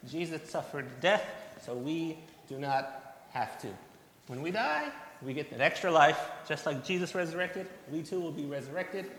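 A young man giving a children's sermon in a church, telling a plain, gentle story to the kids. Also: fairly high pitch, lively intonation, normal speed. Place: church sanctuary. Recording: echoey church hall, faint hum.

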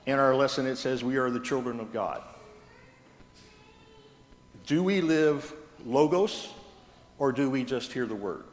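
A man's voice: mid-range voice, unhurried, long pauses, faint music behind. A man, a pastor, preaching a sermon in a plain, conversational storytelling manner. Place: church sanctuary. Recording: echoey reverberant church hall.

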